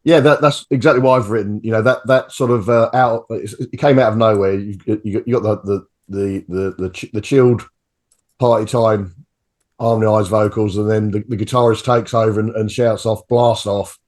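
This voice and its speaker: A man co-hosting a music review show, talking in a halting way with lots of repeated words. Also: fairly low pitch, steady tone, darkish tone. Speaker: co-host. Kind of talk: casual music review chat.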